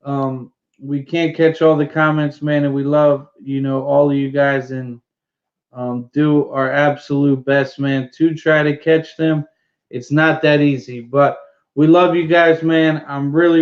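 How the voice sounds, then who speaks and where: Brief: male livestream guest, monotone, fillers and "man" everywhere, muffled lo-fi sound. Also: on the high side. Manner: filler-heavy, keeps saying "man". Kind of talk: casual livestream chat. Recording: dull lo-fi stream audio.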